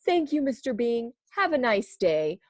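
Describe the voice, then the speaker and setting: A woman's voice: a little high, sing-song, measured pace, no room sound, studio quality, pitched above the performer's own voice. A woman voicing a cheerful, kindly male baker who speaks in a friendly way and hesitates when surprised.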